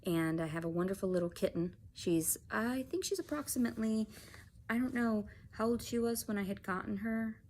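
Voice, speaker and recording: A woman talking to camera in a personal vlog, soft-spoken and reflective, sometimes sinking to a whisper. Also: mid-range voice, normal speed, slight background noise. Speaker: vlogger.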